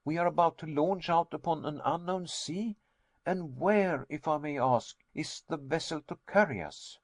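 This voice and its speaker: An anxious young nephew questions everything in a storybook reading, as a man puts him on. The voice sits higher than the reader's own and stays close and dry. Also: normal speed, no room sound.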